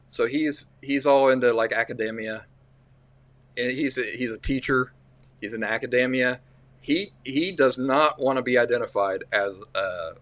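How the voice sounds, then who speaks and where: A man's voice: medium pitch, fairly bright tone, no echo. Rambling Appalachian man telling stories. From central Appalachia. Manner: rambling, folksy, restarts often. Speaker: livestream host. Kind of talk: casual livestream storytelling.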